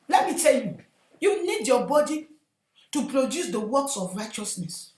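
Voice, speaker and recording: High, lively woman preaching fervently. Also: moderate pace, roomy sound. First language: not English. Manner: impassioned, shouting bursts, addresses listeners as my sister. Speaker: evangelist preacher. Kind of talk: fervent sermon.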